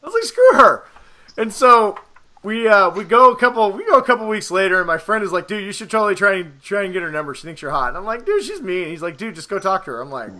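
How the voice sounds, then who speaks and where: A man in his thirties with a high, bright, forceful voice, chatting on a podcast. He tells stories in a loose, animated way, swears freely and acts out the lines he quotes. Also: quick pace. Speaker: podcast co-host. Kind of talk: casual storytelling chat.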